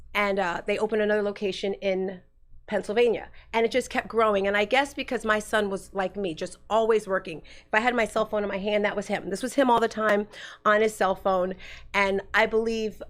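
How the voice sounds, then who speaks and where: A woman's voice: medium pitch, fairly even intonation, normal speed, a bit bright. Middle-aged woman guest, candid rambling storyteller. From New Jersey. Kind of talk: casual storytelling.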